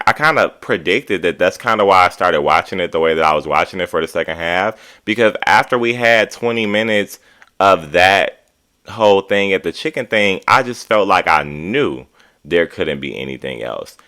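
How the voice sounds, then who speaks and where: A man hosting a casual reality TV recap, talking in an animated, sassy, opinionated way. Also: sits low, clean tone. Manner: animated, sassy, drawn-out commentary.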